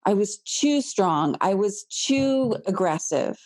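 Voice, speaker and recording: A woman accountant talks as a podcast guest in a bold, forthright, casual way. Her pitch sits in the middle range for a woman. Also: lively intonation, slow pace, a little mellow. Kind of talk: casual interview chat.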